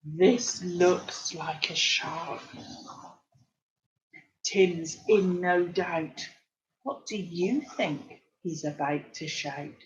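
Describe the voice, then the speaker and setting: A woman's voice: lowish voice, very slow, lo-fi sound. A woman reading a picture book to small children, full of gasps and questions to her listeners. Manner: animated, gasping, speaking straight to the children. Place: at home.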